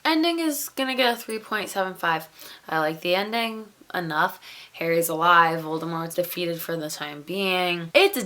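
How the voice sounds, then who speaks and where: A woman reviewing a book in a casual, animated way, peppered with "like" and mild swearing. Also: fairly low pitch, moderate pace.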